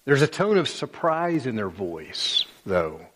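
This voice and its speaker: A man's voice: mid-range voice, big pitch swings, slow pace, fairly bright tone, big-room sound. A male pastor preaching a sermon with emphatic, dramatic storytelling.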